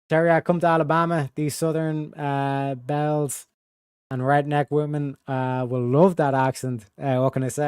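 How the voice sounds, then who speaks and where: A man's voice: fairly high pitch, smooth, no room sound, clean studio sound. A young man streaming live, rambling casually in slang and reading out viewer donations. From Ireland.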